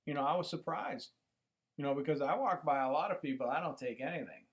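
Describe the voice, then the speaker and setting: Middle-aged guy hosting his own channel, voice a bit high, loose rambling monologue full of ums. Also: fast. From United States. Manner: rambling, many fillers and restarts. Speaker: YouTube channel host. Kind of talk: casual monologue to camera. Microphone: computer microphone.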